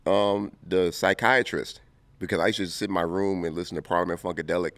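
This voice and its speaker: A man in his fifties from Compton, telling stories as an interview guest, animated and quick to laugh. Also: sits low, dry recording. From Compton, California. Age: 50s. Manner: animated, laughing storyteller who acts out scenes. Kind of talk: casual interview storytelling.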